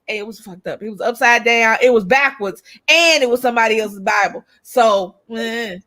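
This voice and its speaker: Blunt, outspoken woman with a high voice. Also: normal speed, a bit bright. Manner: blunt and outspoken, swears freely; emphatic, repeats points for effect. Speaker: co-host of a couples' YouTube channel. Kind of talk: casual opinionated chat.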